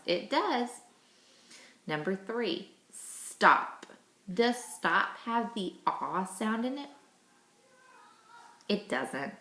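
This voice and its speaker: A woman teaches young children to read, drawing out her words slowly and patiently. Her voice rises and falls in a lively, sing-song way. The sound carries an echoey room around it. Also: medium pitch. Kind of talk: phonics lesson for young children.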